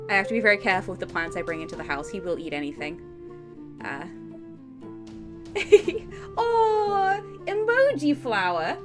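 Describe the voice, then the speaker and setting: A woman livestreaming at her desk mic, chatting freely and giggling between remarks. Her voice sits a little high, and she is quick to poke fun at herself. Faint music plays under her talk. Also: fairly bright tone. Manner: chatty, self-deprecating, giggly, reads chat comments aloud. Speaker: streamer co-writing a story with AI. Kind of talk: casual livestream chat and reading aloud.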